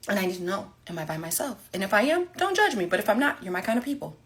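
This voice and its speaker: A woman telling a sarcastic, animated story straight to the camera in a casual monologue. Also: mid-range voice, quick pace.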